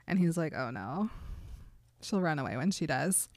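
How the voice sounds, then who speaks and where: Low and darkish, her voice moves a little fast in a dry recording. As a podcast co-host recapping a book, she keeps the talk casual, quoting dialogue from scenes and laughing frequently.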